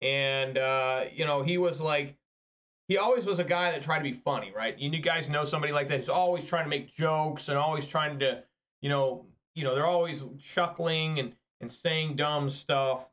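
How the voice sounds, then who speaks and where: A man's voice: fairly high pitch, moderate pace, fairly bright tone. Rambling, profane man in his thirties. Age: 30s. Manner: rambling, profane, chatty storyteller. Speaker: online card game streamer. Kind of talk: casual gameplay commentary. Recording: slightly muffled lo-fi recording.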